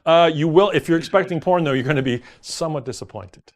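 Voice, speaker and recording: A man's voice: a little high, quick pace. A man hosting a quiz show over a video call, cracking puns and bantering with contestants. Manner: jokey, punning banter with contestants.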